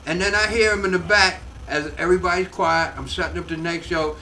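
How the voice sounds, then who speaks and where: An older male comedian telling an animated story in an interview at home, acting out the voices, recorded off-mic in an echoey room. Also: on the high side, moderate pace, few pauses, recorded from a distance, a little hiss or hum. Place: his home.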